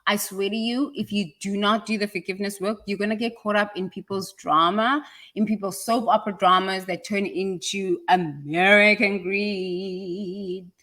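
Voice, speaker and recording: A South African woman with a British-tinged accent giving a passionate motivational talk, swinging from quiet asides to loud, emphatic repeated lines. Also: mid-range voice, fairly even intonation, brisk. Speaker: speaker on personal growth.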